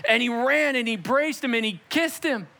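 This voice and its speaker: A young adult man preaching a sermon as a pastor, telling stories and acting out quotes with lively shifts in voice. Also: extremely high pitch, normal speed, vocal fry. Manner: animated storytelling preacher, acts out quotes.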